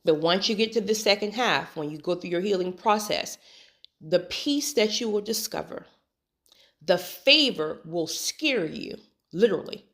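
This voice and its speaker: Animated woman preaching casually to viewers. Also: mid-range voice, a little slow. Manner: animated, preachy, laughs often, says "honey" and "right?". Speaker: spiritual talk host. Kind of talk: casual faith-based monologue.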